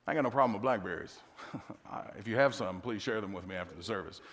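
Chuckling middle-aged pastor in a reverberant hall. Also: male voice, on the low side. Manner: animated, chuckling storyteller with quick asides. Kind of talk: sermon storytelling.

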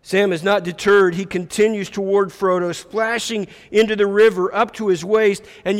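A man's voice: high voice, flat delivery, normal speed, hardly any pauses. A man preaching a sermon, retelling a story reflectively with repeated phrases. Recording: echoey hall reverb.

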